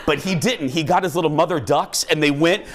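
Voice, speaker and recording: A man hosting a talk show, telling funny stories in an animated, self-mocking way. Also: on the high side, brisk. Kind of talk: comic storytelling to a studio.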